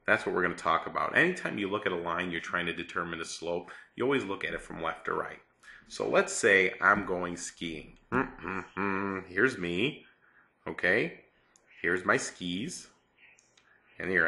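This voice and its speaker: A man's voice: low-pitched, gravelly, bright, forceful tone. A man teaching a math lesson in a chatty, playful way, acting out a story as he explains.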